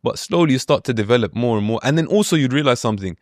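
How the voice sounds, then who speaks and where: A man speaking in a calm, reflective way during a casual podcast chat. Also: mid-range voice, very fast, dry recording, studio quality. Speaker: podcast co-host.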